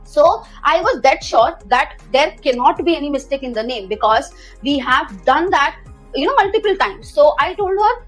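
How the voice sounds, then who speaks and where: A woman recounts a story from her work in travel sales, earnest and chatty, full of "you know" and "uh". Her voice sits high and bright, and faint music runs underneath. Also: lively intonation, normal speed, rough recording. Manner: earnest, conversational, many fillers. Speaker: travel manager. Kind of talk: storytime narration.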